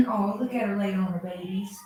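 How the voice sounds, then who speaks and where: A young woman, tired from being up all night, talking softly and coaxing her dog while giving casual running commentary at home. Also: mid-range voice, a little slow. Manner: soft, coaxing talk to the dog. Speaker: pet rescuer filming her dog giving birth. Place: room at home with whelping dog. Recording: roomy, distant home recording.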